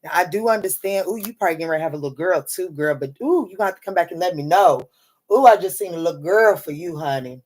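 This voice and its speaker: A woman's voice: fairly low pitch, animated, fast talker, a little mellow. Blunt, cussing woman reading tarot live. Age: adult mother. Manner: blunt, profane and emphatic, calling listeners honey and baby. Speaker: tarot reader. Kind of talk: casual livestream chat with viewers.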